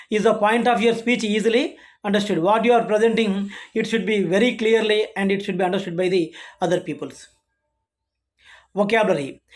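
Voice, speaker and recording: A college lecturer, giving a classroom lecture and explaining each point again in simpler words, with frequent restarts. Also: medium pitch. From India. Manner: reads points aloud then rephrases them, with frequent restarts.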